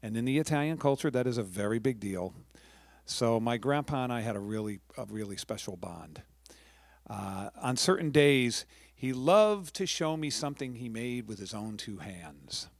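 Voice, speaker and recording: A man's voice: mid-range voice, expressive, moderate pace, no echo. A middle-aged man from New York, a professional storyteller giving a chatty talk to a live audience, with friendly asides and restarts.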